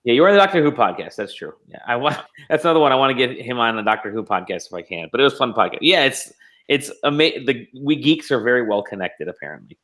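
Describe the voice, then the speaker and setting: Relaxed man trading podcast stories. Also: mid-range voice, fast talker. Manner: relaxed, laughs often, quotes others in a raised voice. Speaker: podcast co-host. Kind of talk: casual chat.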